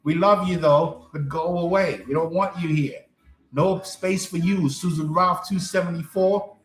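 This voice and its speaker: A man's voice: a little high, fairly even intonation, unhurried, reverberant. A man coaching on a live stream, answering chat in an emphatic, repetitive way and often checking that listeners follow him.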